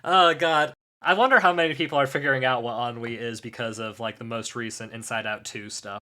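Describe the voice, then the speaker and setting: A man's voice: medium pitch, fairly even intonation, a little fast, pushed and bright. A man co-hosting a podcast in casual comedic chat, joking and improvising sing-song ditties. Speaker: podcast co-host.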